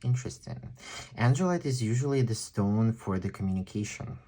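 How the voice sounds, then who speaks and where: A man with a non-native English accent giving a chatty, excitable pick-a-card tarot reading. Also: lowish voice, a little fast. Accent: non-native English speaker. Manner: chatty, excitable, exclaims often. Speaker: tarot reader.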